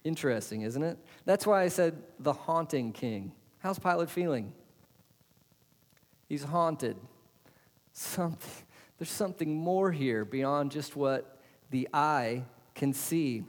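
A man's voice: a little high, takes it slowly. A man preaching a sermon as pastor, putting questions to the congregation and answering them with emphasis. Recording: long hall reverb.

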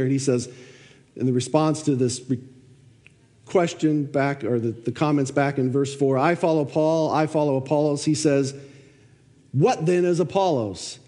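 A man's voice: on the high side, dark tone. A man preaching a sermon, reading scripture aloud and then explaining it with questions. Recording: long reverb of a church hall.

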